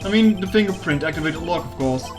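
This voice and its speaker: A woman voicing a cool, sharp male prosecutor who asks measured, probing questions. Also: low-pitched, lively intonation, over music.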